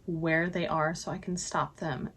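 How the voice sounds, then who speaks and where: Desperate young lady, pleading, urgent, hushed, woman reciting the lines. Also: low voice, steady tone, measured pace, a little hiss or hum, voice pushed down.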